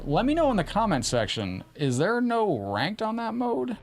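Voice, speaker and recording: A man's voice: high-pitched, moderate pace, soft background music. Chatty man hosting a fighting-game stream. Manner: excitable, cheers opponents and thanks viewers; chatty and informal, often profane. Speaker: live-stream gaming host. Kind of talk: casual live-stream commentary.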